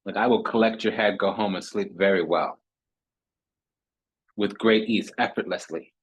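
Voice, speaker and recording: Husky-voiced sassy man reading tarot. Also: fairly low pitch, moderate pace, rough recording. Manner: sassy and theatrical, calls listeners honey, baby, darling; repeats phrases for emphasis. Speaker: tarot reader. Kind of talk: casual tarot reading monologue.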